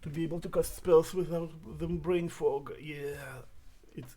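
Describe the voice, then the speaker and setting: A man's voice: fairly high pitch, steady tone, a little slow, warm tone. A man playing a tabletop game, describing his bard's actions in a flowery, theatrical way. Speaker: player. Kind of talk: tabletop game play, in-character flourishes.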